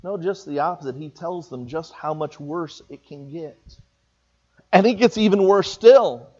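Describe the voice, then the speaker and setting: A man's voice: fairly high pitch, a little slow, dark tone, breathy edge, lo-fi sound. A man preaching a sermon, retelling a scripture story in an earnest, storytelling way with emphatic rises. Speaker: pastor.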